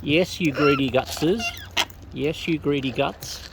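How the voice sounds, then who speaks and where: Outdoors among the birds, a woman films the wild birds she's feeding and coos baby-talk at them casually. Her voice is low-pitched and unhurried, and the recording is noisy with birdsong.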